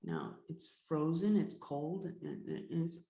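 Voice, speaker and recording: A man's voice: a little high, wildly swooping pitch, slow, mellow, heavily acted. Woman voicing a lost hunter muttering to himself. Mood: reasoning. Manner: talks to himself, mutters under his breath. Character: lone male hunter lost on a frozen lake. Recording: roomy echo.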